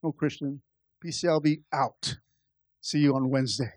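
A man's voice: medium pitch, fairly even intonation, moderate pace, darkish tone, dry recording. A man pastor preaching a conversational sermon, calling out to the church and building to impassioned stretches. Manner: impassioned, rising in volume.

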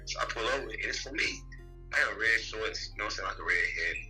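A man in casual podcast chat, telling his own story fast, with lots of swearing and fillers. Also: on the low side, lively intonation, pushed and bright, soft background music, poor audio.

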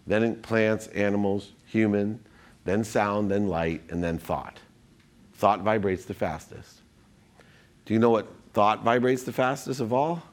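Low-voiced man telling stories. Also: unhurried. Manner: animated, acts out quotes, frequent restarts. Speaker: guest. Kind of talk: casual storytelling in a conversation.

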